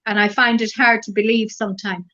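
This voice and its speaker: Gentle rambling Irish woman. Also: medium pitch, steady tone, fairly quick. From Ireland. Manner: gentle, rambling storyteller with many fillers. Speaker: guest. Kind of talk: casual interview. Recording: dull lo-fi recording.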